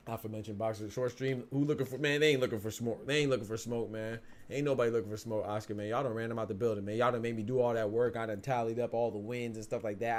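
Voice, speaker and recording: A man's voice: lowish voice, darkish tone, slight background noise. A man hosting a boxing podcast in casual, slangy livestream talk, speaking to viewers in chat.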